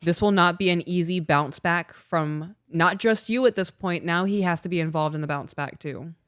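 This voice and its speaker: A woman co-hosting a podcast in candid, casual chat. Her voice is smooth and clear, and she speaks frankly and emotionally, swearing freely. The sound is dry and close. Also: lowish voice, normal speed, no room sound. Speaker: podcast co-host.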